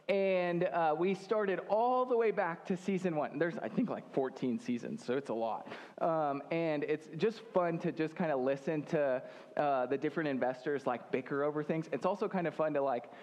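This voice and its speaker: A man's voice: a little high, a little mellow. A young man preaching a sermon in a church, in a loose and joking way, with many fillers and restarts. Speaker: pastor.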